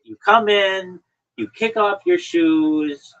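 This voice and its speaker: Over dull, lo-fi stream audio, a man hosting a podcast chats casually on an online call and playfully lectures his guest. He speaks slowly in a high, slightly bright voice.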